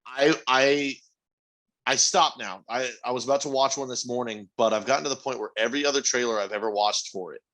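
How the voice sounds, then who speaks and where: A man co-hosts a podcast in a mid-range, slightly bright voice, talking fairly quickly with fairly even intonation. The chat is casual and opinionated, and he swears freely.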